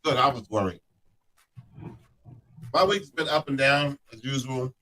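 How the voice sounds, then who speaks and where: A man co-hosting a casual chat show, animated, often repeating words and laughing. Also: mid-range voice, a little slow. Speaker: co-host.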